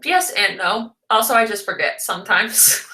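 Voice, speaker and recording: A woman's voice: mid-range voice, expressive, moderate pace, bright, forceful tone, a little hiss or hum. A woman chatting casually on a livestream, rambling and laughing often as she answers comments. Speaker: vlogger live-streaming. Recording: roomy echo.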